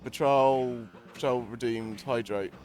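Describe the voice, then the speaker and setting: A man's voice: mid-range voice, fairly even intonation, slow, over music. A British man chatting casually while he streams a game, making dry, teasing jokes. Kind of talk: casual chat while gaming.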